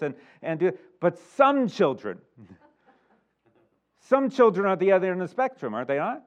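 A middle-aged man preaching a sermon as a pastor, animated and emphatic, chuckling now and then. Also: sits high, brisk. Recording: muffled lo-fi recording.

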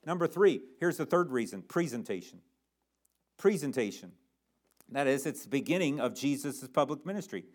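A male pastor preaching a sermon, dropping low on asides and rising sharply when he voices quotes and drives home his points. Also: animated, moderate pace, darkish tone.

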